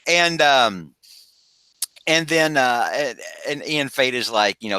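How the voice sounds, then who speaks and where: Male podcast host, bright and forward tone, dry close recording, rambling animated comic recap. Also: mid-range voice, a little slow, clean tone, dry recording, rough recording. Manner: rambling, animated, slips into quoted voices. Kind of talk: casual comic book recap.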